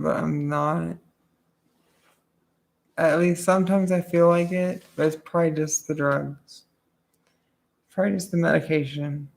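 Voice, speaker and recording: Gravelly woman rambling confessionally. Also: low-pitched. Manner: rambling, swearing, trailing off quietly. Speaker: streamer. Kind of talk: casual confessional chat.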